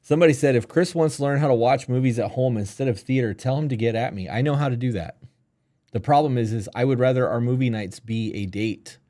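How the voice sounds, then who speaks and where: A relaxed man co-hosting a podcast, chatting casually and swearing freely. His voice sits in an ordinary middle range, and he teases his co-host in a laid-back way. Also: medium pitch, fast talker. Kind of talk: casual chat.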